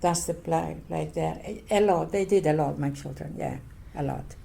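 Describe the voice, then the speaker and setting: Older Cypriot-born woman, halting English. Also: low-pitched, vocal fry, warm tone. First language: Greek. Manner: halting, repetitive non-native English, earnest. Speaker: interviewee. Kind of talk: oral history interview.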